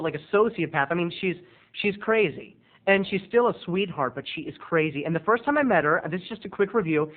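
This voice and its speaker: A man from Maryland rambling through a casual storytelling vlog, chatty with playful dramatic swings, recorded with tinny lo-fi sound. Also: on the high side. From Maryland, USA. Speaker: video blogger.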